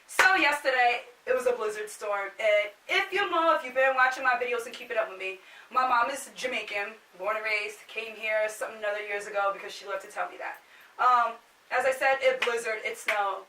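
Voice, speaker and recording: Woman, New Jersey, emphatic complaining rant, sharp tone, distant mic. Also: on the high side, a little fast. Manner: exasperated, emphatic complaining with swearing. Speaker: vlogger. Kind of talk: casual vlog rant. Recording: echoey room, mic at a distance.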